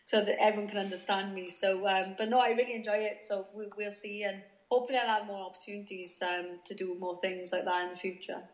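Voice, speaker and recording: A woman's voice: medium pitch, steady tone, fast talker, hardly any pauses, echoey room. Welsh woman footballer on a call. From Wales. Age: 30s. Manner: hesitant, many restarts and fillers. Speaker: guest footballer. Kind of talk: remote interview chat.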